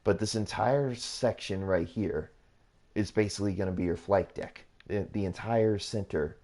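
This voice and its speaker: Brief: male gaming YouTuber, mellow deep voice, loose self-correcting tutorial chatter. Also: moderate pace. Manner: rambling, repetitive, self-correcting. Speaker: YouTuber hosting a gaming channel. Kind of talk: casual build tutorial commentary.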